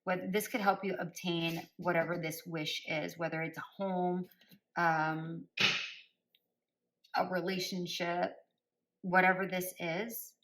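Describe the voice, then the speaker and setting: A woman's voice: on the low side, flat delivery, slow pace, pauses often, a bit bright, low-quality recording. A woman giving a spoken tarot reading. She speaks directly to listeners by star sign and repeats phrases for emphasis in a coaching tone. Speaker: tarot reader.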